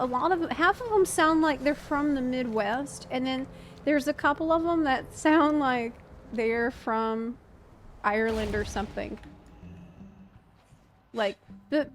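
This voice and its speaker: A young woman streamer giving casual, excitable commentary while gaming, chatty and swearing now and then. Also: sits high, normal speed, a little hiss or hum.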